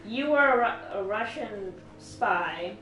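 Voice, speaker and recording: A woman chatting casually while playing a game, recalling a story in halting bits. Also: mid-range voice, lively intonation, fairly bright tone, far from the mic, a little hiss or hum. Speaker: let's play co-host. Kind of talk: casual chat over gameplay. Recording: echoey room, off-mic, music behind.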